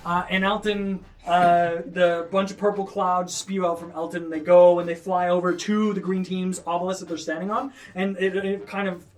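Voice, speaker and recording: High-pitched guy gm'ing a tabletop game, chatty and loose, mic kinda far w/ faint music. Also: flat delivery, normal speed, few pauses, a little hiss or hum. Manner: loose, chatty narration with frequent fillers and laughs. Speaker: game master.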